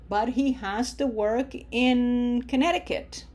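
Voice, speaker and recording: A woman teaching a language lesson, speaking slowly and deliberately and checking in often with "okay?". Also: on the high side, steady tone, darkish tone. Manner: models words slowly with drawn-out vowels, frequent "okay?" checks. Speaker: Spanish teacher.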